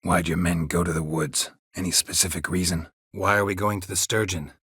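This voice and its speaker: Laconic game monster hunter: low, raspy, clipped, dry studio sound. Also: male voice, little pitch movement, fairly quick, fairly bright tone, no echo, full character voice. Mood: terse, dry. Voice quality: husky, gravelly low voice. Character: gruff middle-aged male monster hunter, terse and dry. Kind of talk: game voice acting. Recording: dry close studio recording.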